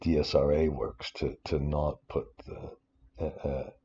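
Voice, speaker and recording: A man teaching a spreadsheet finance model in a screen-recorded tutorial, rambling with many restarts and breaking into excited rants. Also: a bass voice, unhurried, lo-fi sound, slight background noise. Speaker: finance instructor.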